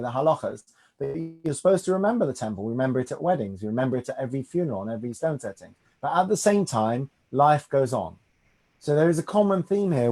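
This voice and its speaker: Mellow-voiced rabbi teaching. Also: male voice, on the high side. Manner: conversational, reassuring, asks "right?". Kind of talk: teaching a study class.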